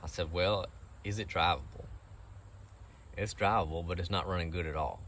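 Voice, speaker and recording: A man's voice: deep voice, moderate pace, a bit bright, slight background noise. A man telling a long, aggrieved story about a car repair in a rambling, casual way.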